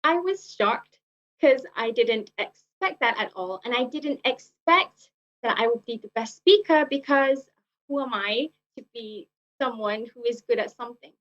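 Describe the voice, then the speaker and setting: Young woman, club speech, higher voice, earnest, repeats herself, dull lo-fi sound. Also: normal speed. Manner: earnest, repeats phrases, frequent fillers. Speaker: club speaker. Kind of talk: prepared personal speech. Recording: muffled lo-fi recording.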